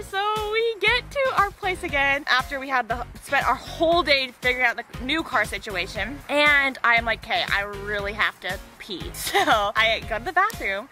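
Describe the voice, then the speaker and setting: A woman's voice: a little high, sharp tone. A woman telling a travel mishap story in a casual vlog, chatty and exasperated, full of "like" and "literally". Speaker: vlogger. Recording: light background music.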